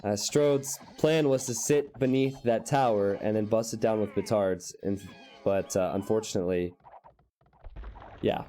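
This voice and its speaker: A young man casting a strategy game live, excitable and quick to jump into high shouts at big plays. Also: a little hiss or hum. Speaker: game caster.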